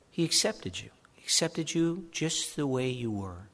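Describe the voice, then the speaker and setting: A man preaching a sermon as pastor, talking in a conversational way and animated with asides. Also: medium pitch, a little slow, hardly any pauses, big-room sound.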